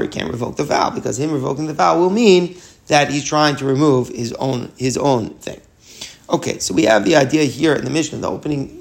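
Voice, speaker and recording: A man's voice: on the high side, creaky. A man teaching a Talmud lesson, reading short Hebrew and Aramaic phrases and explaining each in English, often restarting his sentences. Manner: restarts and repeats words while explaining.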